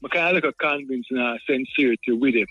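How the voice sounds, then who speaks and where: A man's voice: mid-range voice, quick pace, dry recording, dull audio. A man with a Jamaican accent calling in to a radio talk show, rambling in patois and often repeating his words. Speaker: caller.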